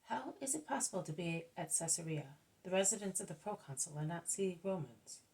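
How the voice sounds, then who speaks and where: A woman voicing a gentle male spiritual teacher who explains in a measured, patient way. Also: lowish voice, animated, vocal fry, low-quality recording. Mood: calm.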